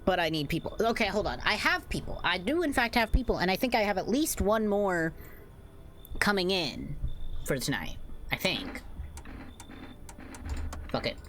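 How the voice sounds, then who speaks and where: A woman's voice: mid-range voice, big pitch swings, moderate pace, pauses often, a bit bright, a little hiss or hum. A young woman streaming a game, chatting casually, swearing and sounding exasperated.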